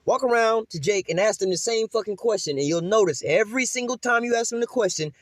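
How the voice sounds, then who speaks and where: A man's voice: sits high, lively intonation, fast talker, no echo. A man doing profane, preachy commentary over a video, swearing constantly and asking "all right?".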